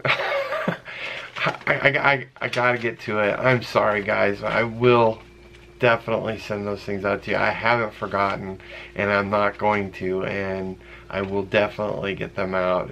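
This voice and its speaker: A middle-aged man casually chatting as he opens fan mail, earnest and emotional, halting with many fillers and reading letters aloud slowly. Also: lowish voice, animated, gravelly, pushed and bright, slight background noise. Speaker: vlogger opening fan mail. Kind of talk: casual chat.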